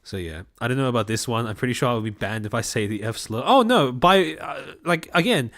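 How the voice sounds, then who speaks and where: A man's voice: mid-range voice, lively intonation, brisk, a bit bright. A young man with a light Australian-born Chinese accent talks casually to his stream chat. His presenter voice is precise and carefully articulated, though loose fillers slip in between the points.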